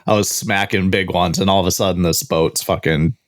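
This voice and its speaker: A man's voice: deep voice, steady tone, brisk, no room sound, studio quality. A man co-hosting a podcast, chatting easygoing and swearing casually. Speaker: podcast co-host. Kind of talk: casual chat.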